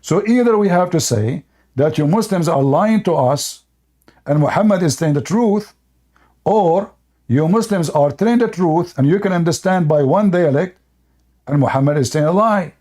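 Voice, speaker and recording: A high-voiced man hosts a heated online debate. He is mocking and combative and talks right over his opponent. He keeps pressing his point. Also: animated, normal speed, mellow. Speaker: debate host. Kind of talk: heated live-stream debate.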